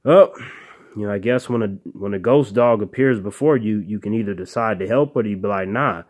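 A man's voice: on the low side, fairly quick, a little mellow. Brash swaggering male storyteller. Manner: brash, swaggering, heavy swearing. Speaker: storyteller host. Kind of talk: profane comic storytelling.

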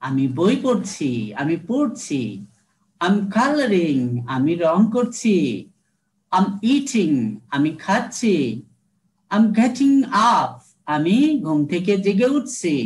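In a recorded classroom lesson, a high-voiced man who is a native Bengali speaker teaches English. He drills and repeats words, translates every line, and keeps calling the listener "my dear student."

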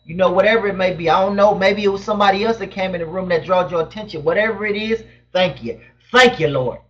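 A young man with a high voice hosts a casual live stream from home. He reads chat questions aloud and answers them in loose, slangy banter. His webcam mic sounds dull and lo-fi. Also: quick pace, fairly bright tone. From Southern California.

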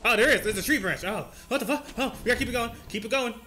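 A man giving excitable gameplay commentary, trash-talking and yelling at the enemies he fights. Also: very high-pitched, very fast, faint music behind. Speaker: gaming video host.

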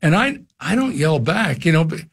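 Older man telling animated stories. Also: normal speed, creaky, slightly rough. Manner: animated storyteller, jumps high for quoted shouts. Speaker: radio show guest and former coach. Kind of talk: casual storytelling chat. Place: radio studio.

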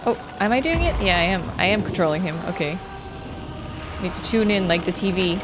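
A woman's voice: medium pitch, lively intonation, moderate pace, pauses often. A young woman commenting on a game as she plays, swearing freely and cheering herself on. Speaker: gameplay streamer. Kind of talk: let's play commentary. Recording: game music behind voice. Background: game music and rain sounds.

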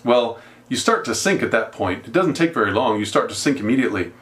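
Animated male pastor teaching scripture. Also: medium pitch, fast. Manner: animated storytelling, acts out Bible characters. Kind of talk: Bible study teaching.

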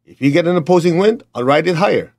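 A man's voice: on the high side, expressive, quick pace, darkish tone. Blunt middle-aged man with a Chinese accent. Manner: blunt, emphatic, direct. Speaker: motivational teacher. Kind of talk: motivational talk.

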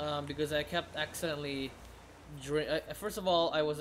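A man's voice: fairly high pitch, expressive, brisk, a bit bright, a little hiss or hum. A tired man giving rambling gameplay commentary, often restarting his sentences and swearing casually. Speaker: gamer.

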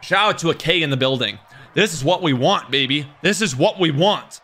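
A young man commentating his own live game stream, cocky and hyped, trash talking and yelling at the game. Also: fairly high pitch, lively intonation, a little fast, a little hiss or hum.

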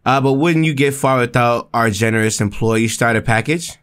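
A man reading aloud the lines of a friendly lab worker in a video game who explains the gear, in a lower, flatter voice than his own. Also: normal speed, clean tone, close to an everyday voice. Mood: explaining.

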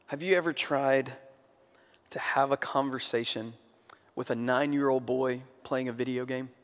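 A man's voice: medium pitch, steady tone, moderate pace. Man preaching with a hall echo. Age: 30s. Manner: conversational storytelling, dips to quiet emphasis. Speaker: pastor. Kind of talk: sermon.

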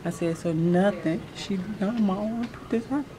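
A woman's voice: medium pitch, moderate pace, very noisy. A nervous woman vlogging casually to a handheld camera at home and in a hospital pre-op room, chatty, slangy and laughing often. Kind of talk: casual vlog chat to camera.

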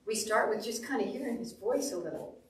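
A woman pastor preaching a sermon, telling stories with animated delivery and acting out quotes. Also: fairly high pitch, brisk, distant mic. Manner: animated storytelling, acts out quotes. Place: church sanctuary. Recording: echoey room, voice off the mic.

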